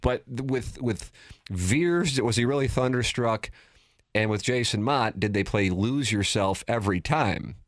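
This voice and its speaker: A man's voice: medium pitch, measured pace, no room sound, clean studio sound. A man hosting a sports radio show, chatting casually and teasing his co-host while reading out listener texts.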